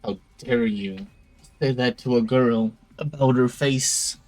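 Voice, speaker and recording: A man's voice: medium pitch, steady tone, slow, a little mellow, faint music behind, natural voice. A man reading a dazed teenage girl's game lines aloud, using a lifeless, muttering voice. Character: eerie listless teenage girl, dazed.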